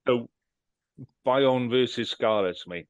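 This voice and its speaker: A man's voice: mid-range voice, slow pace, no room sound, lo-fi sound. A man hosting a rugby podcast, chatting casually, joking and swearing freely as he runs through predictions. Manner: jokey banter, runs the segments, swears freely. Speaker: podcast host. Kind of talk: casual chat.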